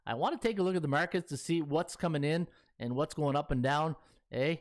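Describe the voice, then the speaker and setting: A man's voice: fairly high pitch, fairly quick. A man hosting a sports betting podcast, chatting in a folksy way with lots of fillers. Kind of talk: casual chat.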